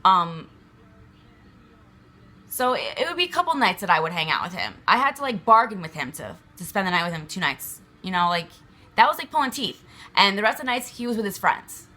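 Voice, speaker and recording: Bright-voiced woman venting angrily. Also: mid-range voice, big pitch swings, fairly quick. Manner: rambling, frequent swearing and fillers; agitated, emphatic. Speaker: vlogger. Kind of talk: venting to camera.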